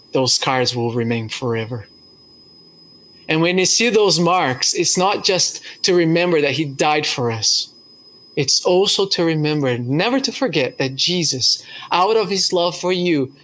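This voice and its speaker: A man's voice: medium pitch, fairly bright tone. A man preaching a sermon as pastor, telling a story earnestly with hesitations.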